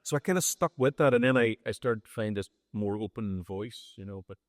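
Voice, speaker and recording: Low-voiced Northern Irish man, dry close sound. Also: brisk, no echo. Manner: relaxed, storytelling, self-deprecating. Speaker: songwriter guest. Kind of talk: on-stage conversation.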